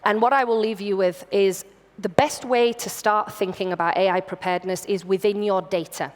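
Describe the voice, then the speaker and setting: Brief: woman presenter, mid pitch, conversational keynote, long hall reverb. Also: steady tone, moderate pace. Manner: conversational, with restarts and laughs. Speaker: conference speaker.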